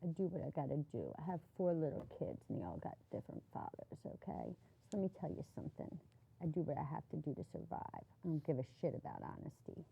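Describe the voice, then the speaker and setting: A woman playing a brash, combative welfare mother in her thirties with a New Jersey accent and a raspy voice. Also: low voice, huge pitch swings, fast, lo-fi sound, heavily acted. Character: brash tough-talking welfare mom, 30s. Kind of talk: comedy sketch acting.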